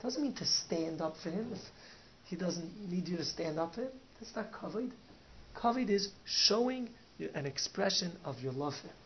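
A man, a rabbi, telling a story in a Torah talk, sprinkling in Yiddish and Hebrew words and swinging from soft to loud. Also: high voice, expressive, normal speed. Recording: dull lo-fi recording with faint noise.

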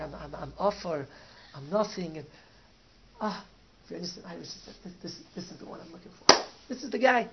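Man, rabbi, Torah talk, fairly high voice, Yiddish and Hebrew words, dull lo-fi sound, faint hiss. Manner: sprinkles Yiddish and Hebrew words, swings from soft to loud. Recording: dull lo-fi recording with faint noise.

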